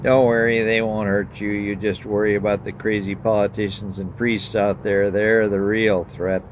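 A man's voice: fairly low pitch, little pitch movement, moderate pace, slight background noise, lightly acted. A man voicing a cautious male visitor who gives matter-of-fact warnings. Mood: cautionary.

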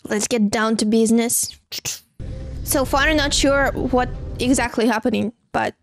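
Woman movie-reaction host, bright high voice, excitable and gasping, faint film music behind. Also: unhurried. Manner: excitable, gasping and exclaiming at the screen. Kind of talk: casual reaction commentary. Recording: film soundtrack playing behind.

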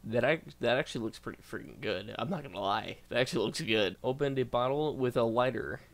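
A man's voice: mid-range voice, a little fast. A man doing casual reaction commentary as a YouTuber, reading posts aloud, stumbling over words and bursting out in disbelief.

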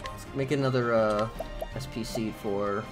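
A man's voice: on the low side, steady tone, measured pace, over music. Young man cursing through a game playthrough. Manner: laid-back, profane, thinking aloud. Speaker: gaming channel host. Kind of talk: casual let's-play commentary.

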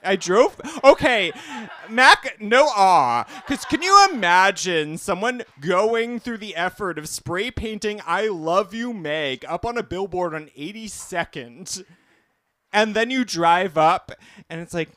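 Bright, clear-voiced comedian doing stand-up. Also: male voice, sits high, lively intonation, slow, no room sound. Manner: self-deprecating, camp, jokey asides. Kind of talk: live stand-up set. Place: small cafe comedy stage.

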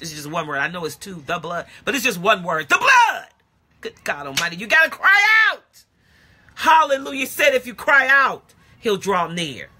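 A woman's voice: a little high, bright, forceful tone, slightly rough. A woman pastor giving a live-streamed sermon, blunt and colloquial, repeating phrases in rhythm and often bursting into emphatic exclamations. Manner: blunt and colloquial, speaks directly to listeners. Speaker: pastor and prophetic teacher.

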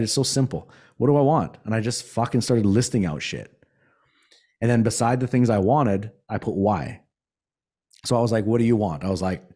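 A man telling a candid personal story in a blunt, profane way, sometimes slowing down to stress a point. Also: fairly low pitch, mellow. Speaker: podcast guest.

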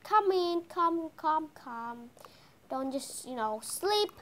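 Child doing a scolding mother pony, bossy, high-pitched, unhurried. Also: expressive, sharp tone, a little hiss or hum, exaggerated voice. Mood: nagging. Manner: toy play, scolding, nagging.

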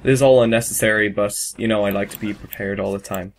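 A man's voice: lowish voice, fairly even intonation, fast, hardly any pauses, a little hiss or hum. A man hosting a casual let's-play video, chatting freely and swearing as he goes. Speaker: gaming video host. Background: game music.

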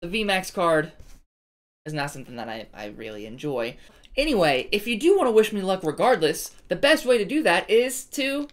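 Speaking at a moderate pace, a woman with a lowish, very animated voice chats with viewers while opening card packs. As the channel's host, she keeps things casual and pokes fun at herself.

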